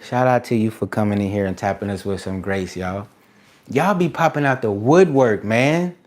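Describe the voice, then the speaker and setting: A man streaming live as an artist, giving excited shout-outs to viewers in casual slang, then turning soft and reflective. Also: fairly low pitch, moderate pace. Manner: drops to a soft, quiet reflective tone. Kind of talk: casual livestream chat.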